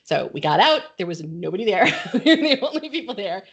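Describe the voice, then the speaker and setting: A woman's voice: medium pitch, very animated, a little fast, slightly rough. A middle-aged woman from Connecticut hosting a podcast, telling a story in casual chat and laughing often. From Connecticut, USA. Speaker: podcast host.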